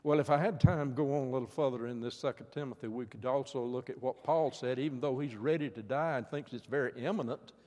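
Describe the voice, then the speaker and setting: An older man preaching a sermon in an earnest way. His voice rises to fervent pleas and then drops soft. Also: mid-range voice, fast talker, hardly any pauses. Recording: long hall reverb.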